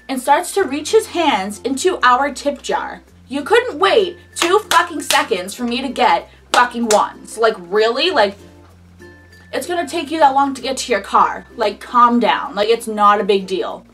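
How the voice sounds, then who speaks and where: A woman's voice: a little high, moderate pace, recorded from a distance, faint music behind. Chatty young woman telling a story. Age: young adult. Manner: chatty, frequent "like", animated retelling. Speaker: vlogger. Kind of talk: casual storytime monologue.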